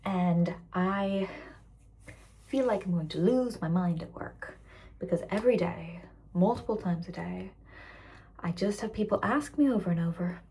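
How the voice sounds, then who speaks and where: A young woman of about twenty with a mixed British-American accent, tired after work, rambling candidly in a casual vlog rant and slipping into soft whispers. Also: fairly low pitch, unhurried, husky. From raised internationally, living in Britain. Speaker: waitress vlogger.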